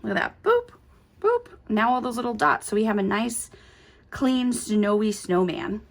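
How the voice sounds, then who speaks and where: A woman's voice: on the high side, animated, a little slow, gravelly. A young woman, hosting a quilting tutorial in an upbeat, chatty way with playful little asides. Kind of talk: casual step-by-step tutorial.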